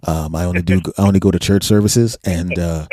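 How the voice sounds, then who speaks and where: A man's voice: low voice, steady tone, brisk, a little mellow, no room sound, clean studio sound. A man hosting a podcast, a comedian who jokes and laughs often while telling his own stories. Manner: joking, laughs often, acts out quotes. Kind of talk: casual conversation.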